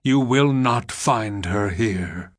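A stern old soldier speaks in a lowered, solemn voice, every order weighed and commanding, as a man reads him out. His delivery is slow and heavy, with a grave storybook gravity. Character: agitated old male general, stern and grave.

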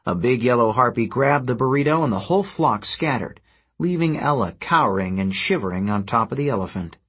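A man narrating a fantasy adventure story in a steady, even storytelling manner. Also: mid-range voice, fairly quick, breathy edge. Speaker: audiobook narrator. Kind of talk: scripted narration.

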